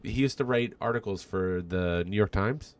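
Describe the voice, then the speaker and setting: Laid-back man with a lowish voice. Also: normal speed, dry recording. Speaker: podcast co-host. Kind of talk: casual podcast chat.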